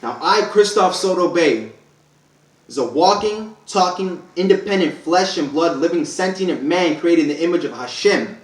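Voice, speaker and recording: A man's voice: on the high side, lively intonation, moderate pace, roomy sound, rough recording. A man reading a formal proclamation aloud to camera, stressing each clause one by one and stumbling now and then. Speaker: self-declared speaker reading a public proclamation. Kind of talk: read-aloud declaration to camera.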